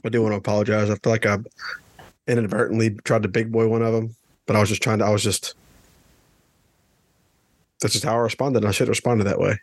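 A man's voice: on the low side, little pitch movement, fast talker, long pauses, dry recording. Casting: male podcast co-host, casual rambling storyteller, laughs easily, dry close sound. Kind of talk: casual chat.

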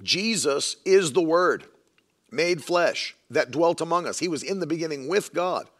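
A man's voice: fairly high pitch, animated, unhurried, fairly bright tone. A man preaching a sermon in an emphatic way, repeating lines for stress and mocking the views he argues against.

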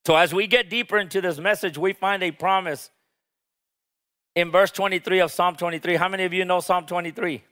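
Male pastor, high clear voice, fervent call-and-response sermon delivery. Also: fairly even intonation, fairly quick, sharp tone. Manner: call-and-response preaching, urging the congregation to repeat; passionate, rises to emphatic peaks.

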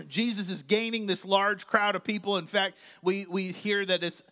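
Male pastor with a high, bright voice, preaching in a loose, joking, chatty way. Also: steady tone, measured pace. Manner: chatty, joking asides to the congregation. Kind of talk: conversational sermon.

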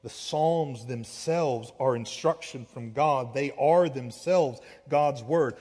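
A male pastor giving a sermon in a casual, conversational way, with lively rises to emphatic high points. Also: slow pace, few pauses, breathy edge. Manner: animated, conversational, with rising emphatic peaks. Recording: long reverb of a large hall.

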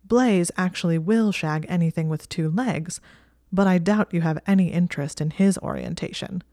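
A woman's voice: lowish voice, normal speed, warm tone, dry recording, studio quality, close to an everyday voice. A woman voicing an exasperated young male wizard with a wry, sardonic manner.

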